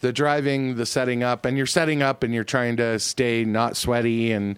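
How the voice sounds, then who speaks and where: A man co-hosting a music podcast in relaxed casual chat, agreeable and loose, trailing off with fillers. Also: medium pitch, moderate pace, clean tone, no room sound.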